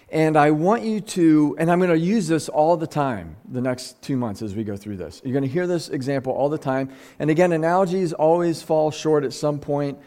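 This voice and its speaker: A man's voice: on the high side, a little mellow. A man preaching a conversational sermon, earnest and close to tears, often restarting his sentences. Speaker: pastor.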